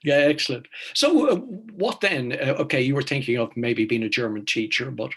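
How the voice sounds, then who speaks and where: Husky-voiced jovial male host. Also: medium pitch, lively intonation, moderate pace, a bit bright. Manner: jovial, laughs while talking. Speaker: interview host. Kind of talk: conversational interview.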